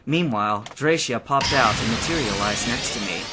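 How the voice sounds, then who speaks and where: A man reading first-person fanfiction aloud in a lively, expressive way. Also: medium pitch, moderate pace, music in the background. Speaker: audiobook reader.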